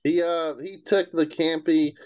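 A man's voice: a little high, steady tone, measured pace, darkish tone, dry recording. A man co-hosting a casual movie podcast, making wry, dry jokes as he sums up plots. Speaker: podcast co-host. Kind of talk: casual movie review chat. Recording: dry, dull lo-fi sound.

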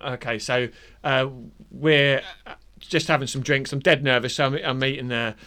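A man's voice: medium pitch, fairly even intonation, sharp tone. Rambling Norfolk man telling a story. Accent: Norfolk English. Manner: rambling storyteller, halting restarts, swearing. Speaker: podcast co-host telling a story. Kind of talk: casual banter.

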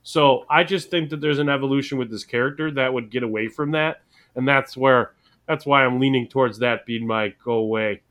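A man's voice: mid-range voice, fairly quick, a bit bright. A man co-hosting a podcast, chatting casually and rambling with frequent restarts. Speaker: podcast co-host. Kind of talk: casual chat.

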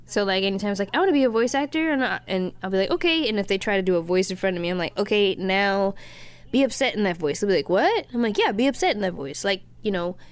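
A woman's voice: mid-range voice, fast, smooth. A woman voice actress in a casual chat, speaking earnestly and laughing easily.

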